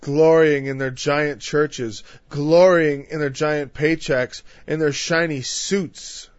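A man's voice: a little high, fairly even intonation, takes it slowly, no room sound. Man preaching a chatty sermon, dull dry sound. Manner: talkative, peppered with "you know", builds to impassioned lists. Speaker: preacher teaching a Bible passage. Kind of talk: conversational sermon.

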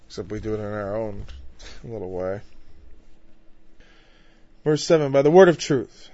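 A man leads an informal Bible study in a loose, conversational way and keeps asking his listeners rhetorical questions. His voice sits at an ordinary middle pitch. The recording is dull and lo-fi, with a dry sound and no room echo. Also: lively intonation, unhurried, long pauses, a little mellow. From northern Illinois, USA. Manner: conversational, rhetorical questions, frequent "you know".

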